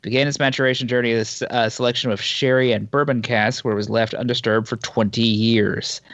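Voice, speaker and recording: A man's voice: medium pitch, no echo. Male co-host, casual, reads items with small stumbles; dry, slightly dull sound. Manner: reads news items aloud with small slips and asides. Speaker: podcast co-host. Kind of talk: casual chat reading news.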